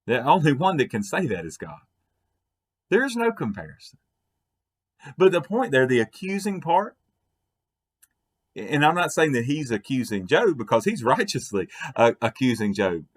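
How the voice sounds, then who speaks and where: A pastor delivering a brief devotional, his voice somewhat husky. He speaks earnestly, stumbling and repeating words as he presses his point, and his pitch swings widely. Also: very animated, moderate pace, long pauses. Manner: earnest, repeats words and restarts, quotes with rising emphasis. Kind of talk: short devotional talk to the camera.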